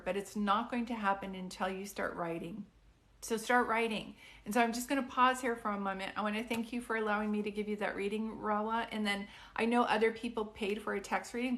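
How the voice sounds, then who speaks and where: Chatty woman medium on a phone live. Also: mid-range voice. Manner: chatty, reassuring, full of "like" and "do you know what I mean". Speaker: psychic medium giving live readings. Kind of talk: casual live-stream reading.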